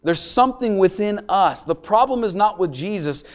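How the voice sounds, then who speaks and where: Man, pastor, preaching a sermon, slightly high voice, loud bursts and quiet lines. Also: expressive, normal speed. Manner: dynamic preaching, swinging from loud intensity to quiet hushed lines.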